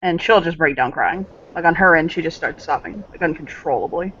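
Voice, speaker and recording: A young woman narrating her part in a tabletop game in a halting way, with lots of fillers and frequent laughs. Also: low voice, animated, a bit bright, husky. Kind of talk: casual role-play narration. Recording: dull lo-fi recording.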